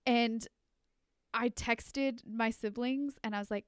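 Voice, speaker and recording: A young adult woman co-hosting a podcast, telling a story in casual chat, animated and full of fillers, laughing as she goes. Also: a little high, slow, clean tone, no room sound, studio quality. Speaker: podcast co-host.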